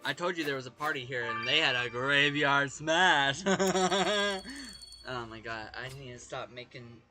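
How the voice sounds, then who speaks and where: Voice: medium pitch, measured pace, over music. A game streamer chatting casually, cracking jokes, swearing and reading game dialogue aloud. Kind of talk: casual let's-play commentary.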